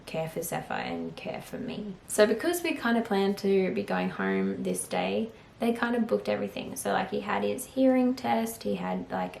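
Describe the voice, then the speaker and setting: A woman's voice: medium pitch, vocal fry, a little mellow, a little hiss or hum. A young woman vlogger telling her own story in a candid, chatty way, full of "like". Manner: chatty, open, heavy use of "like". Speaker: vlogger, new mother. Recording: echoey room.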